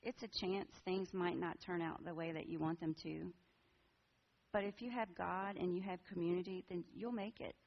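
A woman in her forties shares a personal testimony with a church group, sounding earnest and conversational. Her voice has a gravelly fry to it. The recording is dull and somewhat lo-fi. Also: on the low side, steady tone, moderate pace. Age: 40s. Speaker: women's ministry speaker.

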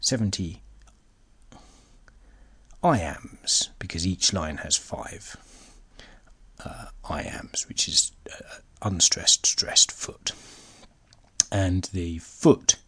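A man's voice: deep voice, animated, very slow, pauses often, bright, forceful tone, breathy edge. A man hosting a solo podcast, talking hesitantly with many fillers and restarts, his voice sometimes sinking to a near-whisper. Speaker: podcast host. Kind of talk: solo educational podcast talk. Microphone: laptop recording.

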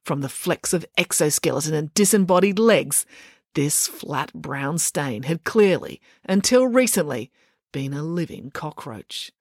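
A woman narrating a children's audiobook in an expressive storytelling manner. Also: sits low, measured pace, dry recording, clean studio sound. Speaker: narrator, author.

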